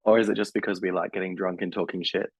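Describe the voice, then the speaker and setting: A man, hoarse and husky from being sick, chatting casually as a podcast co-host. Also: deep voice, little pitch movement, fast, no echo, low-quality recording. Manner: chatty, laughs easily. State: hoarse from illness. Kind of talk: casual chat.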